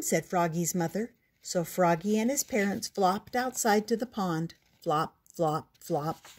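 An older woman reading a children's picture book aloud as a storyteller, slow and expressive. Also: fairly low pitch.

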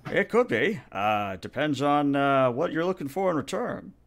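Guy putting on a blunt stone carver, higher and louder than his normal talk, lots of uhs. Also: big pitch swings, normal speed. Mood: gruff. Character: gruff working-class male marble worker.

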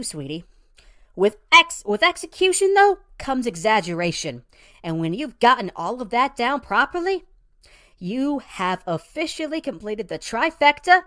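A woman's voice: high voice, bright, forceful tone, dry recording, studio quality, heavily acted. A woman playing a brash, foul-mouthed female pizzeria boss who lectures trainees in a profane, rambling comedic monologue full of "you know" and calls the listener sweetie or honey.

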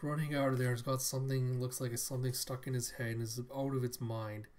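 A man's voice: medium pitch, little pitch movement, fast, a little mellow. A man casually narrating a comic book read-through in a chatty, loose way, often correcting himself mid-sentence. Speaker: comic book reader and commentator.

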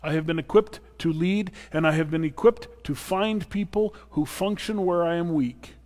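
Earnest pastor in a reverberant church. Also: male voice, fairly high pitch, normal speed, a little mellow. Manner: earnest and personal, with playful asides. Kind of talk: sermon. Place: church sanctuary. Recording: long reverb of a church hall.

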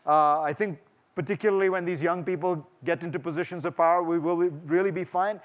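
A middle-aged man speaks to a large hall audience at a festival. His voice sits a little high, and his delivery is thoughtful, with frequent restarts and fillers. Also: steady tone, brisk, dull audio. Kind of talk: festival talk and Q&A.

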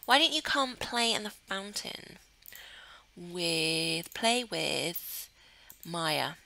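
Bright-voiced woman gaming. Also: on the low side, animated, extremely slow, gravelly, rough recording. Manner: chatty, coos affectionately at the game characters. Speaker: gaming channel host. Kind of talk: casual gameplay commentary.

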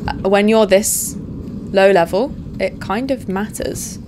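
A woman's voice: medium pitch, takes it slowly. Young woman gaming and freaking out over cool stuff, chatty with viewers, middling voice, noisy recording. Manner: excitable, swears, chats to viewers. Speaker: let's play host. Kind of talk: casual gameplay commentary. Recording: background noise under voice.

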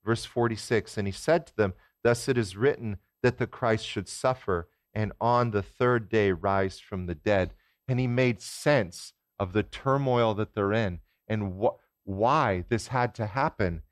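A man giving a sermon as guest preacher in a church, talking in a relaxed, conversational way and putting questions to the congregation. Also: on the low side, unhurried, no echo, clean studio sound.

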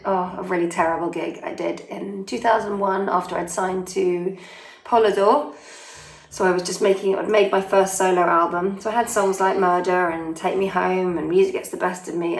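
A woman in her forties answers fan questions in a relaxed, chatty way, poking fun at herself now and then. Her voice sits fairly low, with a gravelly edge. The room around her rings with a noticeable echo. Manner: chatty, self-deprecating, reads names and towns before answering. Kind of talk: casual Q&A, reading out fan questions. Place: holiday home in Italy, family in next room. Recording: roomy echo.

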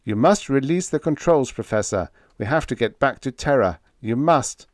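A man, lightly acting and pitched above his own natural voice, plays an earnest younger man urgently pleading over a ship's microphone and repeating his appeals. His voice is mid-range, animated, a little mellow, at a normal speed, in a dry, studio-quality recording.

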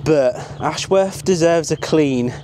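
A man's voice: a little high, takes it slowly, mellow, slight background noise. A man vlogging casually while working on his motorbike, jokey and chatty. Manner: jokey, chatty, laughs often. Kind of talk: casual vlog chat.

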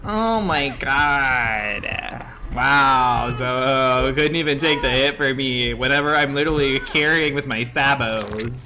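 A man live-streaming a video game, excitable and swearing often as he reacts loudly to play and talks back to chat. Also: medium pitch, slow.

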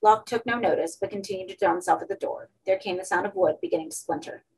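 A woman narrating a horror story for an audiobook in a steady, measured way. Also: mid-range voice, gravelly, low-quality recording.

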